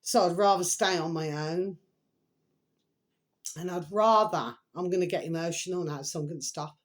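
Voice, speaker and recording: Chatty emotional woman, slightly low. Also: moderate pace. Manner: chatty, emotional, repeats pet phrases. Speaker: vlogger. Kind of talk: rambling casual monologue to viewers.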